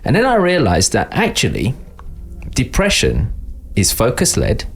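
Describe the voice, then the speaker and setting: A middle-aged man from England with an East London accent speaks unhurriedly in a mid-range voice with vocal fry. As a guest on a podcast, he chats casually like an animated storyteller, acting out the voices of the people he quotes.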